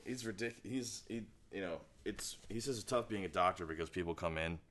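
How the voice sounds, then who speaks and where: Low-voiced man telling rambling stories. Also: brisk, a bit bright, slight background noise. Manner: rambling storyteller, lots of "like" and quoting. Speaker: podcast host. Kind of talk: casual chat.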